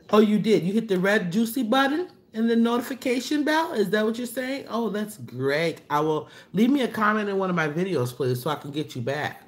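A woman hosting a casual livestream, chatting loosely and reading out viewer comments, her voice jumping up as she greets people. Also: moderate pace. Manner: chatty, reads and answers viewer comments aloud, loose slangy talk; animated, pitch jumps up for greetings. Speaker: livestream host. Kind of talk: casual live-stream chat with viewers.

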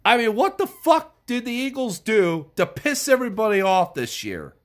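A cold-congested sports fan vlogger furiously rants about their team with shouting and swearing, at normal speed in a medium-pitched voice with big pitch swings.

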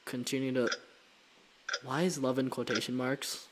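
A man's voice: mid-range voice, little pitch movement, normal speed, background noise. A man giving joking, reactive let's-play commentary as he plays a story game. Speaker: gaming YouTuber.

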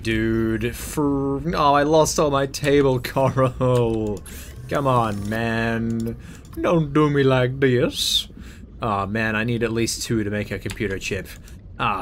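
A young man giving casual, jokey gameplay commentary, muttering to himself and yelping in panic as he plays. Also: medium pitch. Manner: excitable, jokey, yelps and mutters while playing. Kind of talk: casual let's-play commentary.

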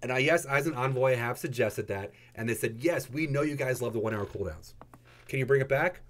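A man hosting a casual game news video, playful and jokey, his voice jumping into high excited squeals. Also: fairly quick. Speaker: gaming YouTuber host.

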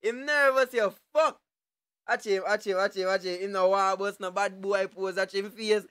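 A young man, streaming live and reacting to photos with loud, joking patois banter and sudden shouts. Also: high-pitched, steady tone, moderate pace, clean tone, dry recording.

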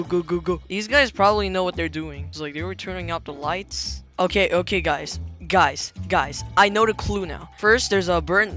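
Role: gamer. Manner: jumpy, repeats words in panicked bursts. Style: live gameplay commentary. Behind: game music. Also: medium pitch. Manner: excitable, repeats words in bursts, yelps and shouts when startled. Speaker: gamer playing a horror game.

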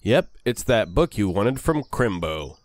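A man voicing a worried, fond farm mother in a western game, with a soft, drawn-out voice. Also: fairly low pitch, sing-song, dry recording.

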